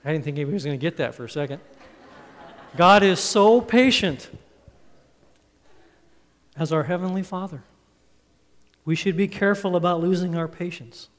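A man preaching a Father's Day sermon, earnest and storytelling, his phrases trailing off softly. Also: on the high side, quick pace. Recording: reverberant hall, speaker a bit off-mic.

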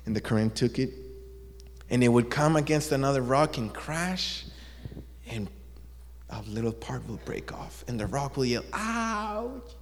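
A man telling a story to listeners in an animated, drawn-out way, asking them questions as he goes. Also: mid-range voice. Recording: long echo of a large hall.

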